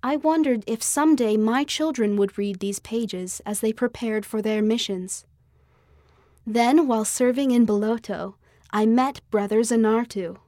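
A woman's voice: a little high, unhurried, dark tone, no room sound. A woman reading a first-person church magazine story aloud in an earnest, heartfelt manner, close on a studio mic. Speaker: audio magazine reader. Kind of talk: scripted first-person narration.

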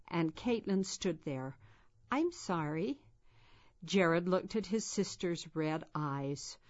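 Slow, low-voiced woman reading a story. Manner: slow, gentle, measured reading. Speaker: narrator. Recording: dull lo-fi recording.

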